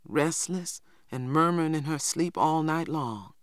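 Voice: mid-range voice, a little slow, no echo, studio quality, lightly acted. A reader doing a worried old grandmother. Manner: folksy Southern rural dialect, earnest. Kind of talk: audiobook character voice.

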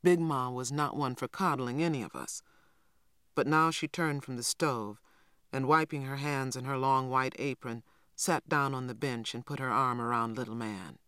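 A man narrating an audiobook in a measured, steady storytelling voice. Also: medium pitch, clear, resonant tone, dry recording, studio quality. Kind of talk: scripted narration.

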